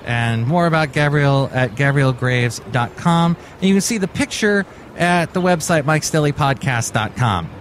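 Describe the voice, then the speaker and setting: Wry, rambling male podcast host, slightly high voice, full of swings. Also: lively intonation, normal speed, hardly any pauses, slight background noise. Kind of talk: comedic podcast chat.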